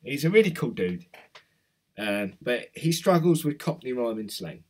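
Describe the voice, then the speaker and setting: A man's voice: mid-range voice, big pitch swings, moderate pace. Male crypto vlogger, London accent, rambling casual chat. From South East London. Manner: chatty, rambling, reads out viewer comments. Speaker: crypto YouTuber. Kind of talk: casual chat with live chat viewers.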